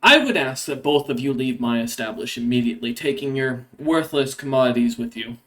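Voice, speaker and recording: A woman's voice: very deep voice, brisk. A man voicing a haughty tavern owner woman. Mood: cold. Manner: haughty and curt. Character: indignant female tavern owner.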